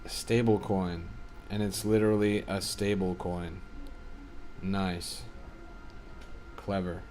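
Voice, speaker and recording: A man's voice: sits low, level tone, slow, darkish tone, slight background noise. A man streaming as a crypto trader, giving casual, offhand livestream commentary that is often profane as he reads and answers his chat.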